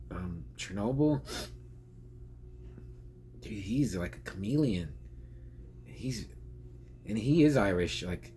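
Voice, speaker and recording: A man's voice: lowish voice, mellow, a little hiss or hum. A man giving a casual, rambling spoken film review, chatty and laughing often.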